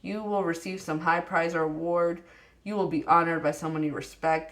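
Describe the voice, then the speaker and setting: Woman, tarot reader, low-pitched voice; affectionate and playful, scolds the cards in mock annoyance. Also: moderate pace. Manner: reads card texts aloud, then riffs on them. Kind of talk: casual pick-a-card tarot reading.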